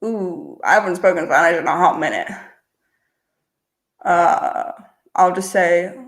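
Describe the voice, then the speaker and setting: A young woman hosting a casual livestream, reading out chat questions and answering in a relaxed, chatty way, thinking aloud before she replies. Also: on the low side, measured pace, long pauses. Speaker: channel host.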